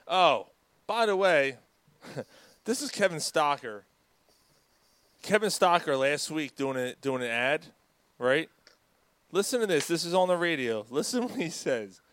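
A man hosting a casual sports podcast with friends, laughing often and firing off quick asides. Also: on the high side, expressive, fairly bright tone. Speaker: podcast host.

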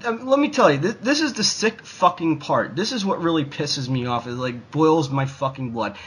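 A man's voice: on the high side, expressive, normal speed, slightly rough, rough recording. Profane ranting man. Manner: swears constantly, rambling, fillers like "like". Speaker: podcast co-host. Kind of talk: profane casual rant.

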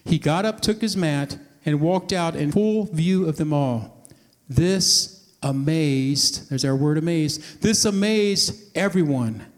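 Guy preaching a sermon, high voice, acts out the people in the story, big echoey hall. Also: slow pace. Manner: storytelling, acting out voices of the scene. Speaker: pastor.

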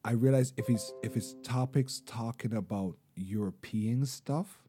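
A man's voice: unhurried, soft background music. A man co-hosting a podcast, telling stories in casual chat and acting out quotes. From Canada. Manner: animated storytelling, acts out quotes in higher voice. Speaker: podcast co-host.

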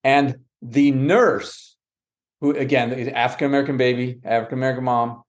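A man's voice: mid-range voice, fairly quick. A man, a guest on a podcast, telling a long personal story and acting out what others said, with frequent restarts and self-corrections. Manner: lively, quotes others with "she goes" and "I said". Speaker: guest, adoptive father.

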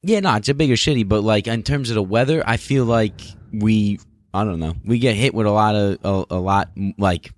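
A man from New York, telling family stories in casual chat, animated, laughing often and swearing freely. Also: on the low side, brisk, no echo, studio quality.

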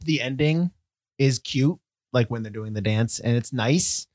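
A man co-hosting a casual movie podcast, a sarcastic and animated critic. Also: mid-range voice, measured pace, dry recording. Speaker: podcast co-host.

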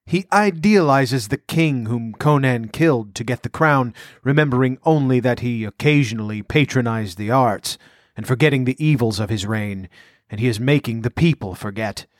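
A man playing a ruthless outlaw lord plotting for a throne, measured and scornful, giving orders with cold command in a dry, close voice. his pitch sits mid-range and he never raises it far. a storybook villain with contempt for everyone around him. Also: dry recording, lightly acted. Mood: scheming. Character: scheming ambitious male outlaw noble, cold and commanding.

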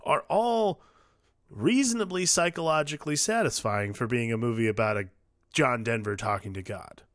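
A man co-hosting a casual movie discussion, thoughtful and measured in how he talks. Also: mid-range voice, lively intonation, a bit bright, dry recording, studio quality. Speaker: podcast co-host.

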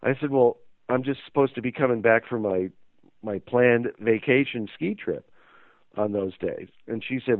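A man's voice: medium pitch, normal speed, no room sound. A man telling a story as an interview guest, rambling and hesitant with many fillers. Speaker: interview guest, magazine owner. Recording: tinny phone line.

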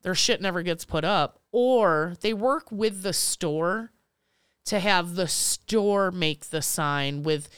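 A woman's voice: lowish voice, slow, smooth, dry recording, clean studio sound. A woman co-hosting a podcast, chatting casually and acting out the people in her story. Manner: chatty storyteller, acts out quotes, laughs often. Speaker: podcast co-host, retail vendor rep. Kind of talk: casual chat.

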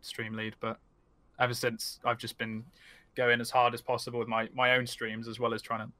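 Man, podcast guest, bright voice, dry close sound, casual filler-heavy chat. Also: medium pitch, monotone, dry recording. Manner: chatty, fast, heavy on fillers. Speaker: podcast guest, team stream lead.

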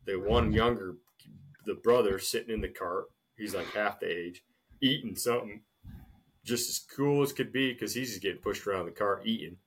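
Husky-voiced man telling animated stories. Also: normal speed. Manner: animated storyteller, swings loud and high acting out scenes, says "dude" a lot. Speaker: podcast co-host. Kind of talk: casual storytelling chat.

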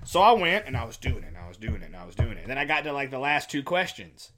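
A man's voice: mid-range voice, fast talker. A man and stand-up comedian, telling profane stories in casual podcast chat and mocking the people he quotes. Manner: profane, animated storytelling, mocking quoted voices.

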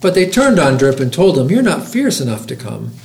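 A middle-aged man hosting a library podcast, reading a picture book aloud with lively voiced characters. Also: a little high, a little fast, gravelly, roomy sound.

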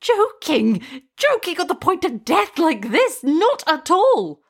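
A woman voicing a frightened, pleading old male witch doctor in a storybook reading, drawing his words out high and slow. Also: very animated, gravelly, exaggerated voice. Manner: high, drawn-out, pleading delivery.

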